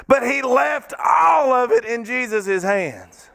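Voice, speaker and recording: A man with a high, gravelly voice preaches a sermon in a church. He speaks fervently in folksy, down-to-earth phrasing and now and then breaks into a shout. The sound is close and dry. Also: animated, slow, few pauses, dry recording. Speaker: pastor. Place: church sanctuary.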